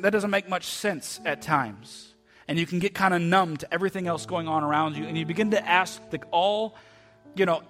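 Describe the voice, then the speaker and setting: A man preaching a heartfelt sermon in a church, often repeating words and dropping to a soft voice for quoted lines. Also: a little high. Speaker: pastor. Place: church sanctuary.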